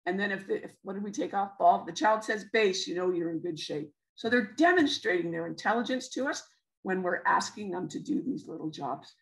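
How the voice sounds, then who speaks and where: A woman's voice: medium pitch, brisk, low-quality recording. A woman with a Canadian accent presenting a literacy webinar, explaining step by step with many fillers and restarts. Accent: Canadian English.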